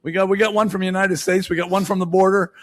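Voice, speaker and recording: A man's voice: sits high, level tone, fast talker. A man hosting a casual podcast, upbeat as he introduces segments. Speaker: podcast host.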